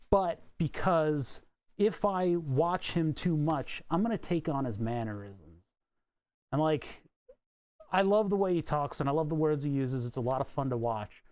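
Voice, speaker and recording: A man's voice: on the high side, a little mellow, no room sound. A man streaming from his home workshop, chatting casually and rambling, often chuckling at his own jokes. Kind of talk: casual live-stream chat while working.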